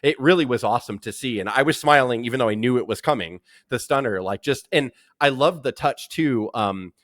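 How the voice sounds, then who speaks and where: Excitable man rambling on a podcast, dry sound. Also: medium pitch, brisk, no echo. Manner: excited, rambling, lots of restarts. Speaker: podcast host. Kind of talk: casual chat recapping wrestling.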